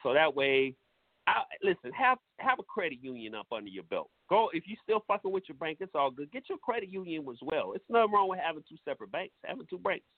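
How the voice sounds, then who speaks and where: A man's voice: fairly high pitch, very animated, quick pace, no echo. A man hosting a talk show, giving blunt, profane advice in a preachy, casual monologue. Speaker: radio show host. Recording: tinny phone-like sound.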